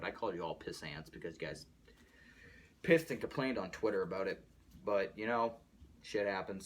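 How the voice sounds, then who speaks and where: Lowish voiced guy rambling about movies, swears a lot, bit of hiss behind. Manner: animated, rambling, swears freely. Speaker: movie news host. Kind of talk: casual solo movie commentary.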